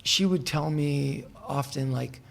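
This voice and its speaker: A man with a deeply gravelly, fry-heavy voice talks in a casual interview, soft-spoken and meandering, often restarting his sentences. A faint hiss sits under the recording in a hotel room. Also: takes it slowly. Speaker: musician guest.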